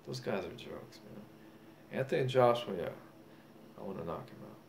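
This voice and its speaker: This young man, a vlogger calling himself a boxing champion, has a fairly low, expressive, creaky voice at normal speed. He boasts and rambles profanely in a drunken, casual monologue over faint background noise.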